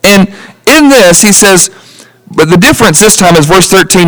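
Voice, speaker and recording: High-voiced man preaching animatedly. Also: normal speed, rough recording. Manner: animated preaching, acts out quoted voices, chuckles at his own asides. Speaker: pastor. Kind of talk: sermon.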